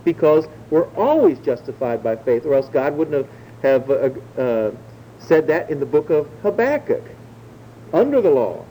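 Male pastor, dark mellow tone, measured verse-by-verse sermon delivery, slight rumble behind. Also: very animated, rough recording. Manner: measured teaching, slowing to stress key words.

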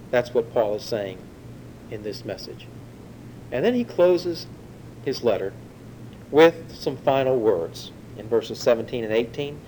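Man preacher, animated sermon delivery, slightly raised voice, faint rumble behind. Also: poor audio. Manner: animated, rising emphasis when quoting scripture.

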